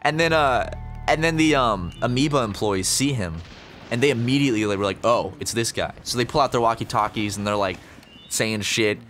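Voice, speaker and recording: A young man talks casually as a podcast co-host, spinning a long story with plenty of ums and the odd curse word. His pitch sits in an ordinary middle range. Faint music plays in the background. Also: a little fast, fairly bright tone. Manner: rambling, profane, lots of fillers.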